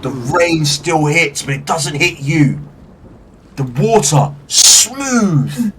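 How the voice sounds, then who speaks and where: A man's voice: on the high side, takes it slowly, fairly bright tone, far from the mic, a little hiss or hum. A man narrating as game master, describing scenes vividly and swearing freely.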